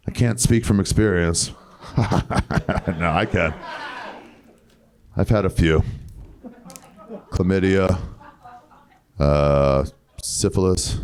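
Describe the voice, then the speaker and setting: A man's voice: deep voice, very slow, pauses often, darkish tone. A man doing improvised stand-up crowd work in a big comedy club, telling loose, wry stories with crude punchlines. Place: large comedy club main room. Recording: live club with crowd laughter. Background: audience laughter.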